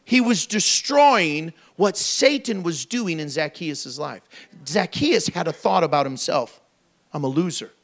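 A man with a high voice preaches an animated sermon. He slips into playful put-on voices and jokes along the way, keeping the tone lively and conversational. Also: a little slow, few pauses. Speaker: pastor.

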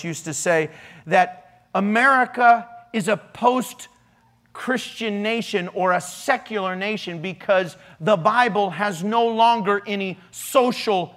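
A man preaching a casual, joking sermon in a church, with animated swings in pitch and loudness. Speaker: pastor.

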